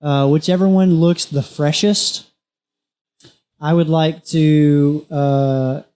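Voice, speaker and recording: Male tabletop player, a bit high-pitched, deliberate, checks the rules. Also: fairly even intonation, mellow, smooth. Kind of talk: casual game chat.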